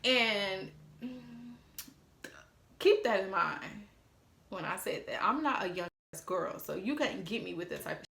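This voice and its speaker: A woman's voice: medium pitch, expressive, measured pace, gravelly, a bit bright, reverberant. Sassy, blunt woman in her twenties. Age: 20s. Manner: blunt, sassy, swears freely. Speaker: storytime vlogger. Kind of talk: casual storytime vlog.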